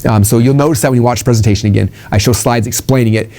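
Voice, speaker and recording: A man's voice: medium pitch, very fast, dark tone. A man giving an informal sales training talk, rambling with ums and restarts and acting out quoted conversations.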